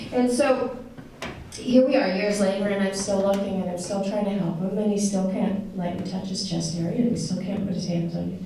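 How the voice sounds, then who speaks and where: A woman talks to a live audience and tells a personal story. She speaks in a heartfelt, conversational way and often corrects herself in mid-sentence. Her voice is caught from some distance in a very echoey room, with steady background noise. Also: medium pitch, normal speed, vocal fry. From United States.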